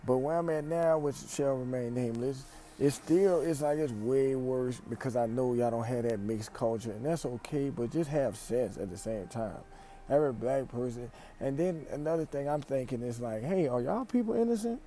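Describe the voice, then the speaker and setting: A young man from Louisiana with a Louisiana accent, giving an animated, emphatic slang-filled vlog monologue in a store aisle, recorded on a phone camera. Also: medium pitch, moderate pace, a little hiss or hum. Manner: animated, emphatic, repeats phrases, speaks in slang. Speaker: vlogger.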